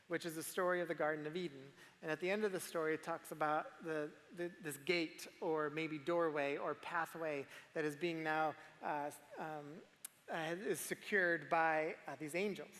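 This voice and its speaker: A man with a high, light voice preaches a sermon in a relaxed, conversational way. He often sinks to a near-hushed voice for emphasis, and his words ring out with the long reverb of a large church hall. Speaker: pastor.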